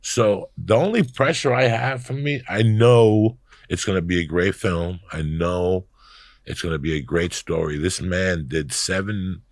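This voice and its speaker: Gravelly New man telling stories. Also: low voice, a little slow, dry recording, studio quality. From New Jersey, USA. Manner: profane, animated storyteller who acts out quoted voices. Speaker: podcast guest. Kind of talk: storytelling in casual chat.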